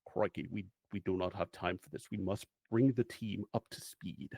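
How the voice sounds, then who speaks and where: A man's voice: sits low, steady tone, normal speed, creaky, dark tone, no room sound, pitched below the performer's own voice. A man voicing a small, serious red panda who gives a formal mission briefing in a grave, stiff manner.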